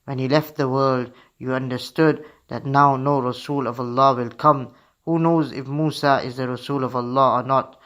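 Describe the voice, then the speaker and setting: A man's voice: medium pitch, steady tone, normal speed, a bit bright, lightly acted. A man voicing a cautious royal courtier who reasons and pleads with the king, in a radio story for children. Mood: persuasive.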